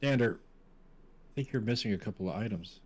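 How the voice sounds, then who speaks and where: A man's voice: lowish voice, moderate pace, darkish tone. A man playing a tabletop game, casual and joking with the group. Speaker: player.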